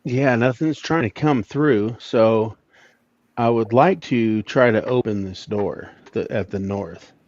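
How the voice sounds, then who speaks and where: A man's voice: mid-range voice, slow pace, a little mellow. A man playing a tabletop game who keeps asking how to do things. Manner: questioning, checking the rules. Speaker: player. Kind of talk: casual tabletop play. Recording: dull lo-fi audio.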